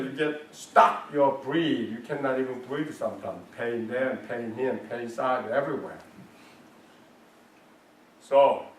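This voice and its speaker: A man's voice: on the high side, fairly bright tone. Emphatic man teaching in a roomy hall. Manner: emphatic, non-native phrasing, asks and answers his own questions. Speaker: martial arts grandmaster teaching a health class. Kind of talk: class instruction. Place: martial arts school. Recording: roomy sound from a distant mic.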